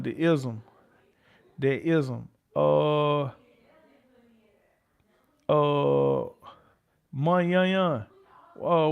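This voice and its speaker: A man's voice: medium pitch, darkish tone. A middle-aged man with a Memphis Southern accent, hosting a livestream, chatting loosely, reading out viewer comments and repeating himself. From Memphis, Tennessee. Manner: loose, rambling, repeats himself, curses freely. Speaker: livestream host.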